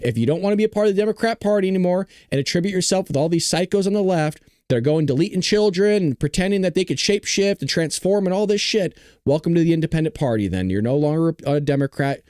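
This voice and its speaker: Animated, sarcastic male commentator. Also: a little high, quick pace, few pauses, smooth, dry recording, studio quality. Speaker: host. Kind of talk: casual reaction commentary.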